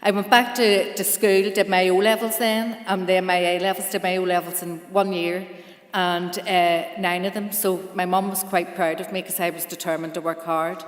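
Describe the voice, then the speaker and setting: A woman in her fifties from Northern Ireland speaks candidly with a slightly low voice. She tells her life story to an audience. Long reverb from a large hall surrounds her. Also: level tone, normal speed. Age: 50s. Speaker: charity staff speaker. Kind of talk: personal speech at ceremony.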